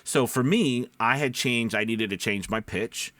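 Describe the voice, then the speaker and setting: A man, a voice-over actor, giving casual advice that drifts off topic and back, speaking low from the back of his throat. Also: a little slow, a bit bright, dry recording. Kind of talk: casual advice talk to camera. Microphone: studio microphone.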